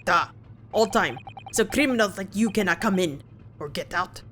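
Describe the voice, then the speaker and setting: A woman's voice: medium pitch, lively intonation, moderate pace, fairly bright tone, lightly acted. Lady putting on a russian sailor guy, broken english, bossy and curt, voice bouncing all over. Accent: put-on Russian. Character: gruff hostile male Russian ship guard. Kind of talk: reading game dialogue aloud.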